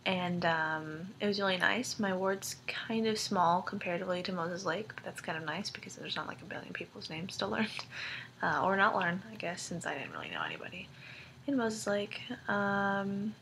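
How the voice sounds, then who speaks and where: A woman's voice: mid-range voice, animated, moderate pace, vocal fry, a bit bright, slight background noise. A young woman vlogging casually to her friends, rambling with many ums and likes and giggling between thoughts. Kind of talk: casual video-letter chat to friends.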